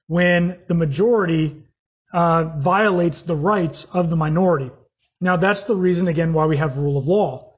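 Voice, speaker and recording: Husky American man teaching a lesson. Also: a little high. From United States. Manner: plain explanatory, with fillers and restarts. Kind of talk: recorded class lecture.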